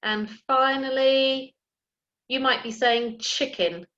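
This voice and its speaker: A woman teaching an early years phonics lesson, sounding out letters slowly and clearly and encouraging young children. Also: sits high, a bit bright, dull audio. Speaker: primary school teacher.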